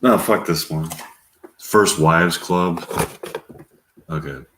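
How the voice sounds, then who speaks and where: A man's voice: deep voice, slow pace, fairly bright tone. A man rambling and swearing to himself while working through a solo movie-scene game. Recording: roomy echo.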